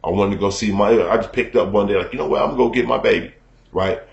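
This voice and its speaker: A man's voice: lowish voice, fast, vocal fry, lo-fi sound. Guy venting a long story to camera, cusses a lot, keeps going "you know what i'm saying", echoey room. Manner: profane, conversational, keeps checking in with the listener. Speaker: vlogger telling a personal story. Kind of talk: casual storytelling rant to camera.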